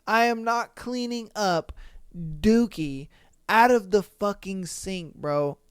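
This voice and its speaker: A man reads listener stories on a podcast at an unhurried pace, with a smooth, clean tone. He breaks in with loud, profane outbursts between the readings. The sound is dry and close, with no room echo. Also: sits high. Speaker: podcast host.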